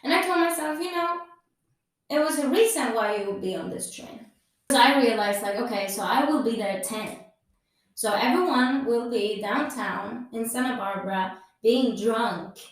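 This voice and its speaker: A woman's voice: fairly high pitch, moderate pace. Chatty woman in an echoey room. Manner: animated, laughs often, swears casually. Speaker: podcast host. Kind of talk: casual storytelling. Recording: echoey room, far from mic.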